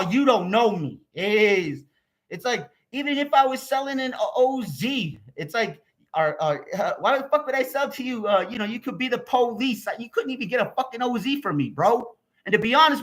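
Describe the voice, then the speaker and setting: Here's an American man on his YouTube vlog, ranting hotly and aimlessly with an expletive at every turn. He has a high male voice with a bright, forceful edge.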